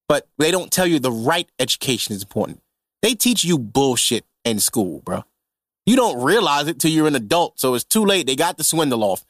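A man's voice: a little high, no echo, studio quality. A man hosting a podcast, ranting casually and comedically with lots of slang and profanity. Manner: profane, animated, heavy slang. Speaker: podcast host.

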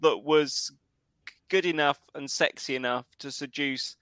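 A man's voice: fairly high pitch, unhurried, fairly bright tone, clean tone, no room sound, studio quality. A man co-hosting a casual podcast chat, rambling as he spins elaborate joking schemes. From United Kingdom. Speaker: podcast co-host.

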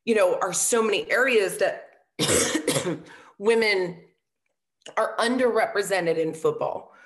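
Speaking slowly in a mid-range voice, the former football coach recounts a story during her interview in an easygoing way. Earnest throughout, she leans on "um" and "right?" and brings other people's words to life by acting them out.

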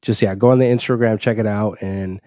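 A man in his thirties with a Chicago accent, a comedian guest on a podcast, talking quickly and rambling in a self-deprecating way. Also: fairly low pitch, steady tone, dark tone, dry recording, studio quality. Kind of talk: casual podcast chat.

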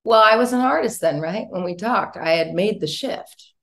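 A woman singer-songwriter talking casually as an interview guest, chatty and expressive, laughing often. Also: mid-range voice, normal speed, vocal fry.

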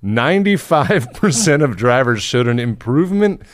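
A man's voice: medium pitch, sing-song, moderate pace, no echo, clean studio sound. A man co-hosting a comedy podcast, reading out a news story and riffing on it with laughs and casual swearing. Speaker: podcast co-host.

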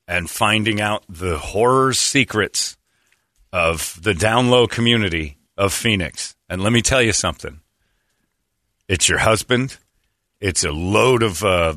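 A middle-aged man hosting a podcast, telling crude funny stories in a casual, animated way and laughing a lot. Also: fairly low pitch, dry recording, studio quality. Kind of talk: casual comedic storytelling.

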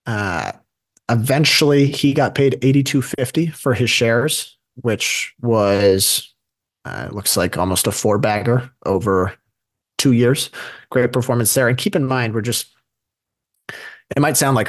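A man's voice: medium pitch, a little slow, no echo. A man co-hosting a podcast, talking casually and working through stories with frequent fillers and asides. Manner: conversational, with many fillers and asides. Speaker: podcast co-host. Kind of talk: casual investing podcast chat.

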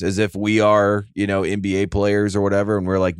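A man's voice: fairly low pitch, flat delivery, fairly quick, hardly any pauses, clear, resonant tone, dry recording, studio quality. A man hosting a casual sports podcast, rambling and self-mocking, with lots of fillers and restarts. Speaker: podcast host.

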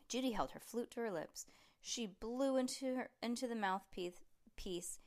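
A woman's voice: medium pitch, unhurried. A woman reading a children's chapter book aloud. She voices the characters as she goes and stumbles on words now and then. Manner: lively, animated reading with voiced characters and frequent slips. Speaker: storybook reader.

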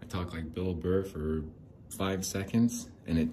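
A man's voice: sits low, fairly even intonation, a little slow, mellow, slight background noise, rough recording. A young man hosting a solo podcast, rambling in a jokey, self-deprecating way. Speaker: podcast host.

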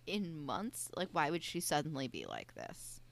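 A young woman co-hosting a casual podcast, talking in an animated, emphatic way with many restarts. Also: deep voice, moderate pace, vocal fry. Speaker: podcast co-host. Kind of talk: casual chat.

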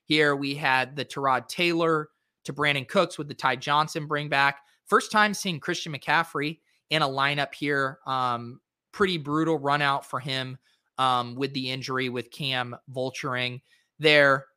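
Guy hosting a fantasy sports show, bright crisp voice, lots of ums and uhs, dry close sound. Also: mid-range voice, measured pace, no echo. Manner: relaxed, filler-heavy, thinking aloud. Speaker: fantasy sports podcast host. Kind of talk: casual solo lineup review.

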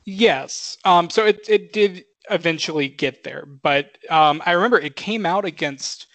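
A man's voice: high-pitched, unhurried, fairly bright tone, no echo. A man in his twenties co-hosting a casual movie podcast, rambling with lots of fillers and casual swearing. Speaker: podcast co-host.

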